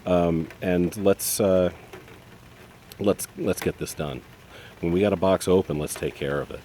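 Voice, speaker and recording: A man in his fifties with a low, deep voice rambles and curses his way through a vlog. He holds his phone in his hand outdoors, and faint ambience hums behind him. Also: measured pace, long pauses, warm tone, a little hiss or hum. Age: 50s. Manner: exasperated, profane, rambling. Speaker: vlogger. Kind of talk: casual vlog monologue. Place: outdoors in the rain, then under a roof and a tree. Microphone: handheld phone.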